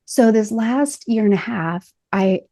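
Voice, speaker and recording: A woman's voice: on the high side, unhurried, warm tone, no echo, studio quality. A woman in a casual podcast conversation who talks animatedly, laughs often and acts out what people said. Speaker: podcast host and body image coach.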